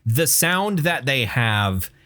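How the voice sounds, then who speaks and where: Casual male podcast co-host, halting and full of fillers, average pitch. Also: sing-song, bright, forceful tone. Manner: rambling, halting, many fillers and restarts. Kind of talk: casual chat about music.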